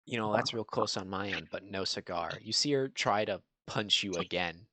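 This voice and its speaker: Halting low-voiced man running a game. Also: sharp tone, dry recording. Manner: halting, full of "you know" fillers. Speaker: game master. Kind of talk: narrating a tabletop game.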